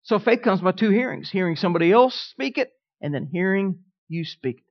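Animated and brisk, a preacher in a mid-range voice delivers a sermon, repeating declarations with rising emphasis. He asks the congregation questions, and the recording sounds dull and lo-fi.

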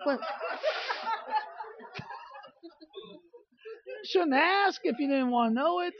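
Animated high-voiced man preaching with jokes. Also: background noise. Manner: animated, shouting punchlines, quick asides. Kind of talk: humorous sermon storytelling. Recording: dull lo-fi recording.

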